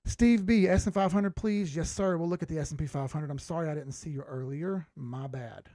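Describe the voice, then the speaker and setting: Gravelly male streamer, blunt and profane, reading chat live, dry close sound. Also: on the high side, brisk, dark tone, dry recording. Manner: blunt, swears freely, laughs often. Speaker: crypto chart analyst hosting a live stream.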